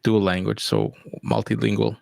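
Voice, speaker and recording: A man's voice: fairly low pitch, sing-song, normal speed, gravelly, darkish tone, no echo, studio quality. A man from Canada chatting casually in an easygoing way, chuckling at his own stories. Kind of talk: casual chat.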